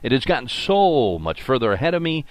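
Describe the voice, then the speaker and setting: A man's voice: medium pitch, sing-song, brisk, dry recording. An older man hosting a solo sports talk show, folksy and rambling with lots of fillers. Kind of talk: solo sports radio podcast monologue.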